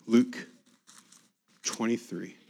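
A man preaching a sermon, reading scripture aloud with emphasis and dropping to a hushed, quiet voice to reflect on it. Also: medium pitch, very slow, gravelly.

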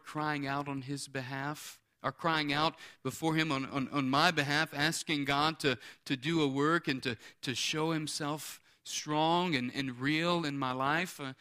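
A man's voice: mid-range voice, bright, forceful tone, smooth. A man preaching a sermon in an earnest way, building up to emphatic peaks. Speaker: pastor.

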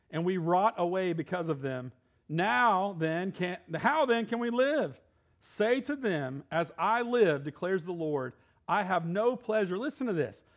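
A middle-aged male pastor giving a casual, conversational sermon with asides and Bible readings. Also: a little high.

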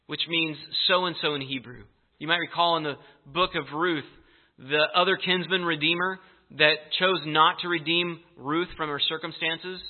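A man preaching a sermon, telling the story in an animated, emphatic way. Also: a little high. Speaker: pastor. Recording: tinny phone-like audio.

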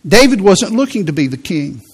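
A man's voice: high voice, sing-song, slightly rough. Man preaching in a conversational, emphatic way. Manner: conversational preaching with repetitions and slow emphatic phrases. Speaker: pastor. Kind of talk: sermon.

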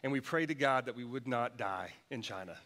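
A man's voice: medium pitch, fairly quick, fairly bright tone. A man preaching a sermon, telling a personal story with many restarts and repeated words. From United States. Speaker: pastor.

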